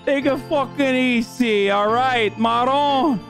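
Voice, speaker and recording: Comic bit, streamer voicing a lecherous Turkish man: thick mock accent, high-pitched, shouted. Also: slow pace, soft background music, full character voice. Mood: brash leering. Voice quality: exaggerated heavy accent, shouting.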